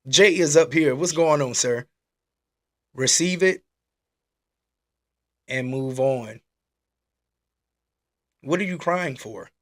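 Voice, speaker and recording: A man hosting a casual church-style live talk. He is animated and exclaiming, and he repeats his questions. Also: mid-range voice, takes it slowly, long pauses. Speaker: host. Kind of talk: casual preaching live stream.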